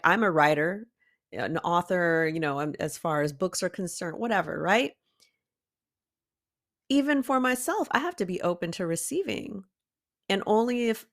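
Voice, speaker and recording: Slow-talking woman giving a motivational talk. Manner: emphatic and preachy, calls listeners "baby cakes"; slow, drawn-out delivery with sudden high emphatic rises. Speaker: art coach and podcast host.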